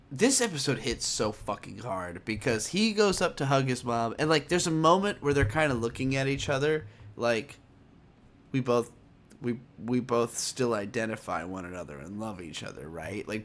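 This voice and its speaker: A man hosting a casual anime podcast, excitedly retelling an episode and swearing freely. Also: mid-range voice, moderate pace. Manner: excitable, swears a lot, animated storytelling. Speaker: podcast host. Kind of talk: casual chat, recapping anime.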